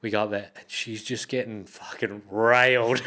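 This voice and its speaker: A man's voice: on the low side, normal speed. A young man, a comedian guest, telling a story in casual chat, swearing often and laughing as he goes. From Australia. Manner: profane, laughing, animated retelling.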